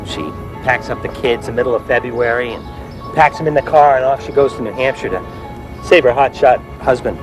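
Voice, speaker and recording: A man's voice: medium pitch, fairly quick, over music, rough recording. A man telling his own true story to an audience, plain-spoken and reflective, often saying "you know".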